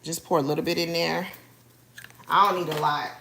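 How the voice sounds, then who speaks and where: A woman's voice: low voice, fairly even intonation, a little fast, gravelly, fairly bright tone, slight background noise. Chatty woman cooking live for viewers. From Haiti. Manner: chatty, addresses viewers as y'all. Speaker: cooking vlogger. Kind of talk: casual live cooking stream. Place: home kitchen.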